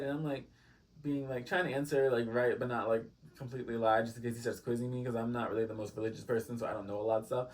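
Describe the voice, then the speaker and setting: A man's voice: medium pitch, steady tone, quick pace, recorded from a distance. A man telling a storytime vlog, rambling with lots of fillers and dramatic asides to his viewers. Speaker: storytime vlogger. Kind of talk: casual storytime chat.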